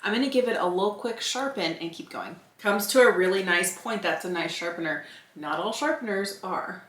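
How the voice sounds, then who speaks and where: A woman's voice: medium pitch, lively intonation, normal speed, a bit bright. A woman in her fifties doing a casual makeup product review, candidly thinking aloud as she applies each item. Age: 50s. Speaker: beauty vlogger. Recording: roomy echo.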